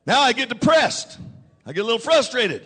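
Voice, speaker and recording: A man preaching a sermon, repeating his lines, calling for responses and rising to shouts. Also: very high-pitched, big pitch swings, a little fast, breathy edge, long reverb tail. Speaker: pastor.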